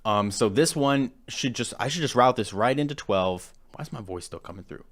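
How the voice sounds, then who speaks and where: A man's voice: mid-range voice, lively intonation, moderate pace, slight background noise. A man hosting a live music production stream, talking casually and rambling, often repeating himself and laughing at his own attempts.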